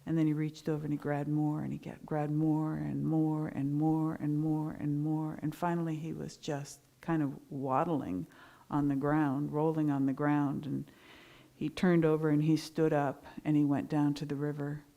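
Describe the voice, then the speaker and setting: Lively woman telling a sermon story. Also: low voice, moderate pace, vocal fry, highs cut off. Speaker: minister giving a Sunday talk.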